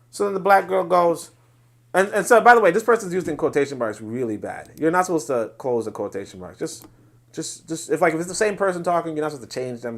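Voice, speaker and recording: Male podcast host, high voice, emphatic lecturing commentary. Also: fast talker. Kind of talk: solo commentary on social media posts.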